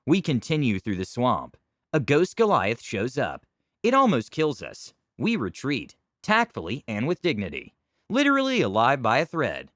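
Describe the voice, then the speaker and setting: Man, story narrator, wry deadpan delivery, very lively pitch, dry close sound. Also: normal speed, no room sound.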